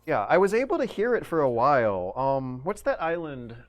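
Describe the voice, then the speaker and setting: A man hosting a livestream, giving casual game-stream commentary in a rambling, think-aloud way with quick laughs. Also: fairly high pitch, very animated, soft background music. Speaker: livestream host.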